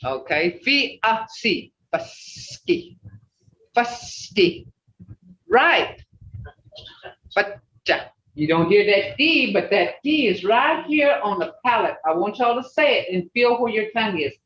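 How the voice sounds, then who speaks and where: Slow, sing-song language teacher on a video call. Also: mid-range voice, big pitch swings, fairly bright tone. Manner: repeats native words slowly to drill sounds; folksy, plain-spoken, addresses class as "y'all" and "people". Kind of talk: online language class, pronunciation drill. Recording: distant, roomy, dull video-call audio with faint hiss.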